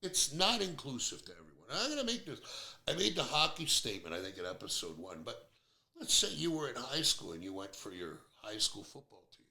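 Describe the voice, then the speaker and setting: Gravelly, outspoken man in his 50s. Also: mid-range voice, sing-song, a little fast, bright, forceful tone. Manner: blunt, outspoken, opinionated. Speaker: podcast host. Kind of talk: casual podcast chat. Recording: roomy echo.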